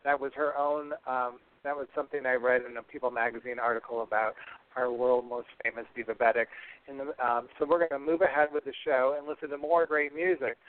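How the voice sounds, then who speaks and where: A man's voice: medium pitch, little pitch movement, brisk. A man hosting a podcast in a chatty, casual way, often tripping over his words. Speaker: podcast host. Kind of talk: casual radio-style hosting. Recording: tinny phone-like line.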